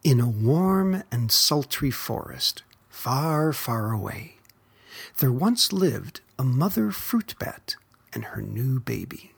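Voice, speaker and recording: Whispered storybook reading, breathy, gravelly edges, slow and soft, lively pitch.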